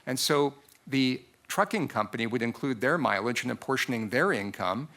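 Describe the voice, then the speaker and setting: Taxpayer's advocate at a board hearing: male, gravelly and bright-toned, methodical delivery with frequent fillers. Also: medium pitch, lively intonation, moderate pace. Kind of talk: formal argument before a board.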